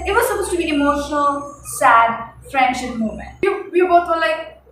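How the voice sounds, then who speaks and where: A young woman with a high voice tells a story in a loose, chatty vlog, exasperated and full of fillers and repeated words. She sits back from the mic in a very echoey room, with faint hiss underneath. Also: expressive, a little fast, fairly bright tone. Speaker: vlogger. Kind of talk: casual storytime chat. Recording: echoey room heard from a distance.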